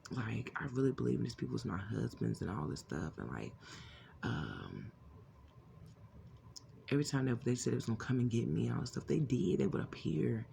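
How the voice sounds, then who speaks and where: A woman's voice: a bass voice, huge pitch swings, a little fast, creaky, dark tone, a little hiss or hum. A woman telling an emotional personal testimony in a rambling way, restarting often and acting out what others said. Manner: rambling, restarts often, acts out quoted voices. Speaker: vlogger sharing a testimony.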